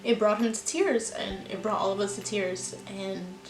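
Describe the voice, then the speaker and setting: A woman vlogger calmly recounting a hard personal experience in a candid storytime, with many "like"s and "you know"s. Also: mid-range voice, moderate pace, noisy background. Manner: candid, reflective, lots of fillers. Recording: echoey room with music behind.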